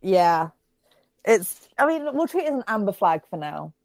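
A woman co-hosting a podcast in casual chat, teasing and swearing in quick asides. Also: medium pitch, sing-song, a little mellow, no echo. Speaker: podcast co-host.

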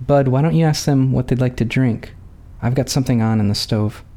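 A man's voice: medium pitch, a little fast, warm tone, pitched above the performer's own voice, lightly acted. A man reading aloud and voicing a plump, blushing farm wife who fusses over her guests as hostess. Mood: flustered.

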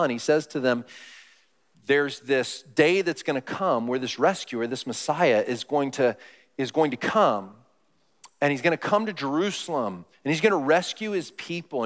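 A man's voice: on the high side, fairly bright tone. Preaching man in a reverberant hall. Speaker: pastor. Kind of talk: sermon.

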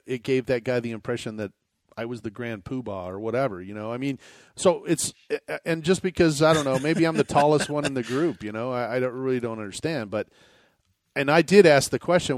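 A man's voice: mid-range voice, lively intonation, brisk, no room sound. A man talking as a podcast guest in casual chat, rambling and restarting his sentences often.

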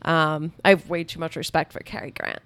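A woman's voice: sits low, fairly even intonation, brisk, fairly bright tone. A woman co-hosting a podcast, chatting casually about a film with strong opinions and frequent laughter. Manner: emphatic, opinionated, laughs often. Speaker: podcast co-host.

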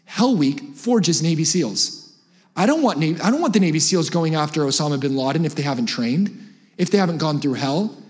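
A young adult man preaching a guest sermon in a church, animated and humorous, firing off rapid lines with sudden high-pitched exclamations. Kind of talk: energetic sermon. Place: church sanctuary.

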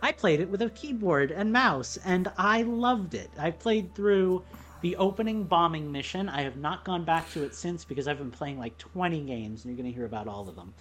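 A woman chats on a casual podcast about games she has been playing. Her delivery is animated and rambling, packed with fillers, and her pitch swings up and down as she gets excited. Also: moderate pace. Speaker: podcast co-host.

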